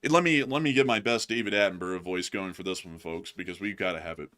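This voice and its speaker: A man's voice: sits low, fast, pushed and bright. A man hosting a casual war news commentary show, chatty with frequent laughs and fillers. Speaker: host.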